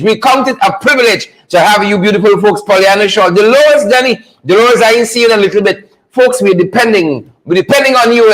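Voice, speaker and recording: A man's voice: high-pitched, a bit bright, low-quality recording. A man hosting a live online talk show, fired up, repeating catchphrases and greeting viewers by name.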